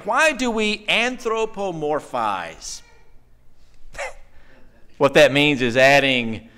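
A man preaching a conversational sermon in a church, animated and chatty, often putting questions to the congregation. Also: fairly high pitch, smooth. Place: church sanctuary.

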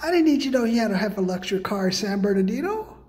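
A man's voice: sing-song, rapid-fire, darkish tone. A man ranting in a comedic monologue as a self-styled sales guru, profane and rambling in streetwise slang, pushing his pricey programs. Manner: hard-sell pitchman. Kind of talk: comedic rant.

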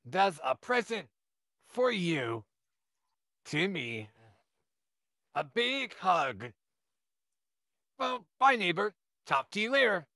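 A man's voice: high voice, big pitch swings, slow, pauses often, bright, forceful tone, no room sound, studio quality, full character voice. A man voicing an overexcited, friendly young neighbor who gushes and stammers, in a listener role-play. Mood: excited. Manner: eager, gushing, stammering.

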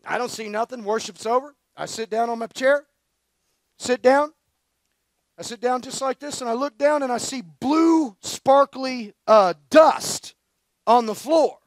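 A man preaching at a conference, telling a story in a loose, slangy and energetic way, full of fillers. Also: very high voice, unhurried, no echo. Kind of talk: storytelling sermon.

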